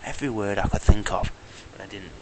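A man's voice: on the low side, quick pace. A man from England recording a video diary at arm's length, angrily ranting and muttering curses under his breath. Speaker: vlogger. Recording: noisy outdoor camera audio.

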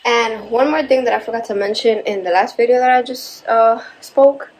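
A woman's voice: fairly high pitch, normal speed, rough recording. A young woman, a new mother, talking casually to camera at home, out of breath after a workout and chatty and encouraging with many fillers. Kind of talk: casual vlog talk to camera. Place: at home, indoors.

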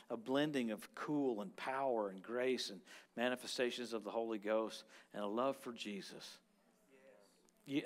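A man preaching as guest minister at a church service, in an animated charismatic sermon that moves from loud exclamations to quiet prayer. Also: mid-range voice.

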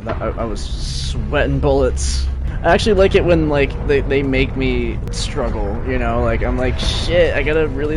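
A young man giving live commentary on his own gameplay, muttering under his breath one moment and yelling out the next. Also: medium pitch. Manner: excitable, swings between mutters and loud outbursts. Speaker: streamer. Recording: loud game music underneath.

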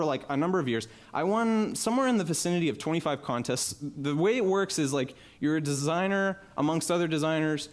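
A man in his twenties tells his story to a live audience at a conference, talking into a headset mic. His delivery is casual and animated, and he acts out the voices of the people he quotes. His voice sits a little high for a man. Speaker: conference speaker. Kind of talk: personal storytelling talk. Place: talk venue with live audience.

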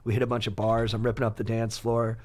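A man co-hosting a podcast, telling a story in an animated, profane way. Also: mid-range voice, fast. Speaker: podcast co-host. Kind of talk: casual podcast chat.

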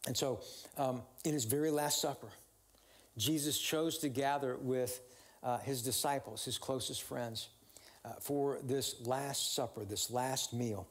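A man's voice: medium pitch, unhurried. Male pastor, conversational sermon delivery, informal with fillers. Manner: conversational, warm storytelling with many fillers and restarts.

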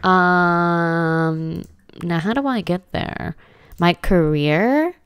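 A woman's voice: lowish voice, extremely slow, clear, resonant tone, no room sound. A woman giving casual, dramatic commentary as she plays a life-sim game, full of slangy exclamations. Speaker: gaming let's-play host.

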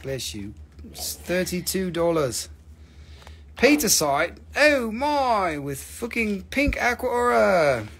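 A fairly high-voiced man runs a live crystal sale. He jokes and teases his viewers, swears casually, and rattles off prices between the gags. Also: sing-song, slow, a bit bright, slightly rough. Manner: joking, teasing, swears casually. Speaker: live-stream crystal seller. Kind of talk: joking live sales stream.

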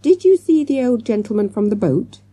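A woman's voice: a little high, lively intonation, moderate pace, mellow, slightly rough, voice pushed up. A woman reading an audiobook and voicing a polite, flustered male schoolteacher. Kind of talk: audiobook character voice.

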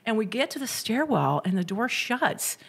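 A young adult woman, a comedian guest, telling stories in casual chat, animated and laughing often. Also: on the high side, normal speed, gravelly, breathy edge. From Indiana.

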